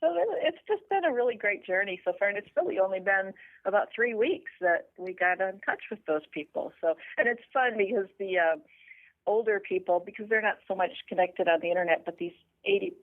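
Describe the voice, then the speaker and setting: A woman's voice: mid-range voice, a little fast. A woman calling in as a guest, talking about her family history in an enthusiastic, bubbly way. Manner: enthusiastic, bubbly, laughs easily. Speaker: guest caller. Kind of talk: casual chat. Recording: tinny phone line.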